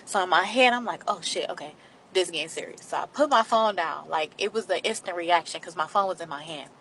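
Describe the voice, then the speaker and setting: A woman's voice: fairly low pitch, fairly quick, a bit bright, a little hiss or hum, low-quality recording. A young adult woman, telling a story to her viewers in a candid, blunt way. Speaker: vlogger. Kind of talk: storytime vlog.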